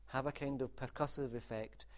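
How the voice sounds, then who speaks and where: A man's voice: medium pitch, fairly even intonation, moderate pace. A man giving a university literature lecture in a wry, discursive manner, with asides and restarts. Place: lecture room.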